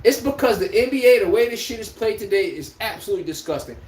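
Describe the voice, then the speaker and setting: Dude ranting hard about basketball refs, swoops up and down a lot, roomy echo. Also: male voice, high-pitched, fast talker. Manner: animated, profane, incredulous. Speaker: podcast host. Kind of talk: heated sports rant. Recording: echoey room.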